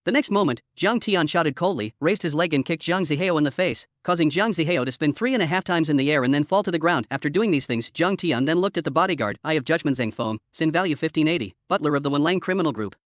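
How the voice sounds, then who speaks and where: A man recounts a story recap in a rapid, even storytelling voice. His pitch sits a little high and he moves fast. The sound is dry and close. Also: dry recording. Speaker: recap narrator.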